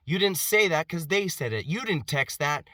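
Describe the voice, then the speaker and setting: Forceful middle-aged man, lecturing. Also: on the high side, animated, moderate pace, no echo, clean studio sound. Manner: emphatic, repetitive, rhetorical questions. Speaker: vlogger. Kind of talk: personal monologue to camera.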